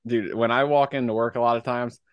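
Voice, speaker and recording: A man co-hosting a podcast in relaxed casual chat. He laughs often and leans on "like" as a filler. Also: medium pitch, a little fast, clear, resonant tone, no room sound, lo-fi sound. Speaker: podcast co-host.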